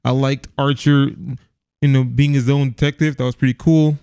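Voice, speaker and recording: A man's voice: mid-range voice, flat delivery, moderate pace, a little mellow, clear, resonant tone, no echo, clean studio sound. A man co-hosting a casual movie review podcast, rambling with lots of restarts and laughs. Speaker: podcast co-host.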